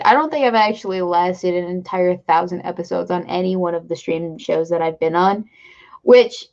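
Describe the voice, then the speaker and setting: A woman's voice: lowish voice, moderate pace, darkish tone. A woman hosting her own live stream, chatting casually and rambling with self-deprecating asides to her viewers. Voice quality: gravelly fry in voice. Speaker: streamer host. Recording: slightly dull lo-fi stream mic.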